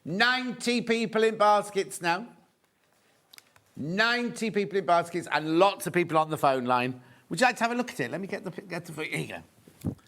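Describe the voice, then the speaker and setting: A man hosting a live TV shopping show, chatty and excitable, with lots of asides. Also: sits high, moderate pace. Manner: chatty and excitable, full of asides and sales counts. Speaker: shopping channel presenter. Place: TV studio.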